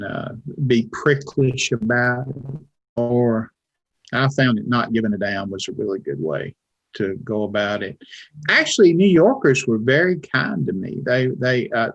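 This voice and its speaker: A Southern man with an Appalachian foothills twang spins folksy, wry anecdotes as an interview guest. His pitch sits in an ordinary middle range, and he tells his tales with easy, relaxed timing. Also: measured pace, highs cut off. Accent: Southern US, Alabama Appalachian foothills. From Alabama, American South. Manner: folksy, wry storyteller who acts out quoted voices. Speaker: author and journalist, interview guest.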